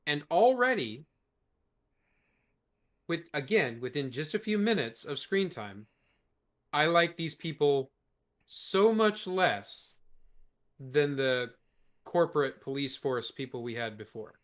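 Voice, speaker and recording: A man's voice: on the high side, measured pace, pauses often. A man co-hosting a podcast, talking bluntly in casual review chat, swearing often and leaning hard on certain words. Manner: blunt, frequent swearing, animated emphasis. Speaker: podcast co-host.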